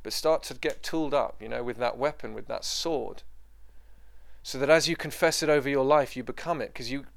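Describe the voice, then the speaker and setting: A man's voice: medium pitch, brisk, creaky. A man preaching a sermon to a room of listeners, impassioned and emphatic, repeating his points. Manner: impassioned, emphatic and repetitive, dropping to quiet prayer.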